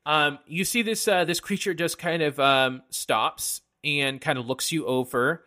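Bright-voiced male game master. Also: a little high. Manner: halting, filler-heavy narration. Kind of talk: narrating a tabletop game.

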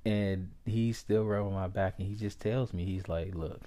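A man in his forties from Ohio, hosting a podcast and telling a personal story, unhurried and halting, with frequent restarts. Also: lowish voice, flat delivery, mellow. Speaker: podcast host.

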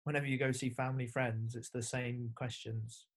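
A young Englishman, once a rugby player, guests on a podcast in a medium-pitched, level voice at normal speed. He's laid-back in casual chat, telling stories packed with fillers and swearing.

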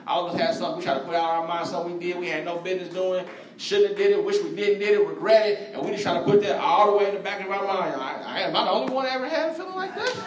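A man preaching a sermon in slangy, conversational speech, talking straight to his congregation. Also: high-pitched. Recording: echoey room, voice from far off.

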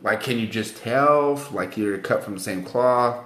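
A man casually discussing a movie, relaxed and agreeable, mostly giving brief replies. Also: medium pitch, unhurried, echoey room.

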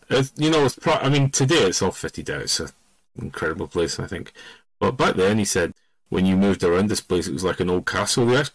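Middle-aged Scottish-born podcaster, low voice, dry close sound, meandering storyteller. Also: male voice, no echo, poor audio. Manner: rambling and digressive, loses the thread. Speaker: podcast host. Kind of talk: casual spoken storytelling.

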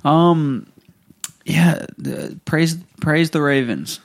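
A young man co-hosting a casual podcast, bantering excitedly about his football team. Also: on the high side, extremely slow, creaky. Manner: excitable sports-fan banter. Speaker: podcast co-host. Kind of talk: casual chat between friends.

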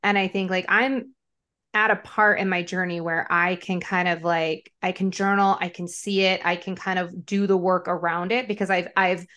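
A woman's voice: lowish voice, little pitch movement, moderate pace, a bit bright. A woman hosting a podcast conversation who rambles, searches for her words and fills the gaps with "like". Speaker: podcast host. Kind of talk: casual conversation.

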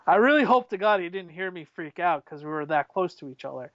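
A man casually telling excitable, rambling stories, full of fillers and restarts. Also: sits high, brisk, hardly any pauses, no room sound, highs cut off. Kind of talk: casual storytelling chat.

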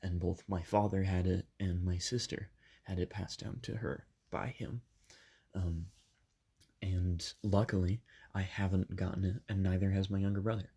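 A man in his twenties hosting a podcast from a bedroom padded with soft things. He is slightly sick and tells his story casually, with many ums and self-corrections. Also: deep voice, steady tone, normal speed, slightly rough. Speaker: podcast host.

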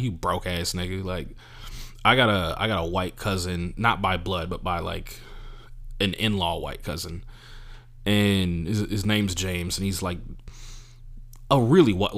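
Young comedian guy ranting on his podcast, swears a lot, does little voices for people, lowish voice. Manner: profane, animated, acts out quoted people. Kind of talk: casual monologue.

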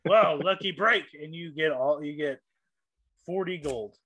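A man's voice: a little high, a little slow, fairly bright tone, no room sound. A man narrating as game master of a tabletop game, loose and laughing between lines.

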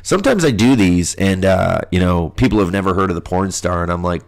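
A man's voice: low-pitched, expressive, brisk, creaky. Nasal, stuffy man ranting. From US Midwest. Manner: crude, ranting, profane. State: stuffy nose from allergies. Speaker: podcast host. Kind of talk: casual solo podcast monologue.

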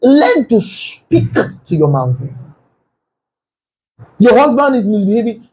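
A man preaching a sermon to his church, firing off rhetorical questions and breaking into shouts. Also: very high-pitched, very animated, moderate pace, low-quality recording. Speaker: pastor.

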